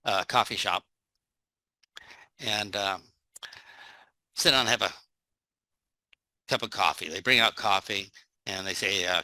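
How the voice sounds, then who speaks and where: Bright-voiced folksy male sales trainer. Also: lowish voice, unhurried, long pauses, no echo. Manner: folksy, joking, acts out little scenes. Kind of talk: live online training talk.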